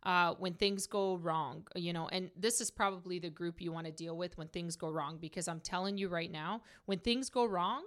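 An animated woman chatting casually about her work as a mortgage broker. She tells her stories with energy and slips into the voices of the people she describes. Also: fairly low pitch, moderate pace, hardly any pauses. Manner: animated storyteller, acts out quoted dialogue. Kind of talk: casual chat.

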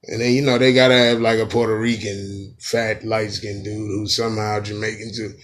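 A man's voice: fairly low pitch, flat delivery, moderate pace. A man hosting a podcast in a casual comedic rant, profane and playful, often breaking into sung imitations. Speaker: podcast host.

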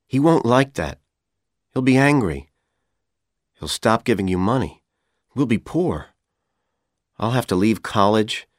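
A man's voice: on the low side, dry recording, clean studio sound. A man voicing a coaxing, scheming young man. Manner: calm, coaxing, persuasive. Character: handsome scheming young college man, calm.

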